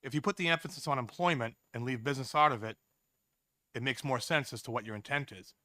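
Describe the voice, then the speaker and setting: A man's voice: mid-range voice, fast talker, sharp tone, no echo, studio quality. A man on a legislative committee, methodically laying out his concern about a bill's wording. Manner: direct, methodical questioning. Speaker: committee member. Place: state house committee room.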